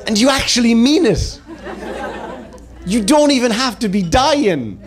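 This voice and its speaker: A man in his thirties from Ireland with an Irish accent, telling jokes in a deadpan stand-up comedy set on a club stage. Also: very high voice, unhurried. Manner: deadpan storytelling with punchlines. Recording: live club recording with crowd noise. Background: audience laughter and room noise.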